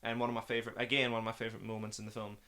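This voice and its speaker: A man's voice: lowish voice, completely flat delivery, rapid-fire, pushed and bright. A man in a casual podcast chat, talking about a film with rambling, enthusiastic gushing. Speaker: film review podcast guest watching for the first time.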